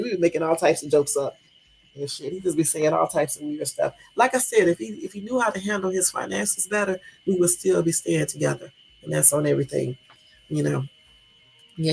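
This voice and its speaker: A woman's voice: low voice, gravelly, breathy edge, low-quality recording. A middle-aged woman livestreaming casual chat to viewers, rambling and joking, laughing often. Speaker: livestream host.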